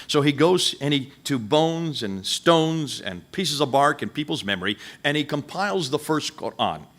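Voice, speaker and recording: A man's voice: medium pitch, fairly bright tone. Guy lecturing a room, voice swoops up and down a lot, keeps firing questions at the crowd. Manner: emphatic, full of rhetorical questions; speaks directly to listeners in the room. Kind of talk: lecture to a live audience.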